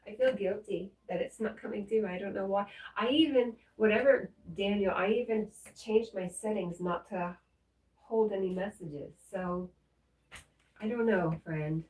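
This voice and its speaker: A woman hosting a livestream, reading viewers' messages aloud and answering them in a gentle, comforting way. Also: mid-range voice, unhurried. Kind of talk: casual livestream chat. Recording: roomy echo, mic at a distance.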